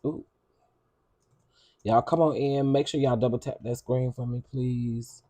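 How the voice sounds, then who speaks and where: A man's voice: mid-range voice, steady tone, a little slow, warm tone. A man hosting a cooking channel, chatting casually with his livestream viewers, greeting them by name and repeating himself often.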